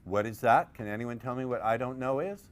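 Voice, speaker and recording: A man's voice: mid-range voice, a little fast, smooth. A man presenting a live seminar on persuasion, playful and profane, quizzing his audience with questions.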